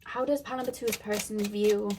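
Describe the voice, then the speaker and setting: A woman's voice: mid-range voice, steady tone, fairly quick, darkish tone, slight background noise. A woman giving a casual tarot reading to camera, chatty and frank, with lots of fillers and restarts. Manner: chatty, loose, with many fillers and repeated phrases; frank and matter-of-fact. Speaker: tarot card reader.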